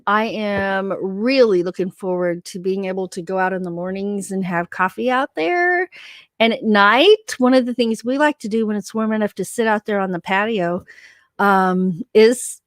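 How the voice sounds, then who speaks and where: Co-hosting a casual livestream from home, a woman chats and reads viewer comments out loud. Her voice is mid-range and her speed normal. The recording is dry and studio-clean.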